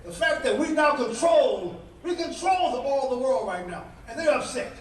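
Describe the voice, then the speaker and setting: An extremely high-pitched, expressive man speaks at a moderate pace as a guest at a political dinner, delivering a fiery speech. His cadence is emphatic and preacher-like, with strings of repeated rhetorical questions. Recorded from far off in an echoey banquet hall, with a little hiss or hum.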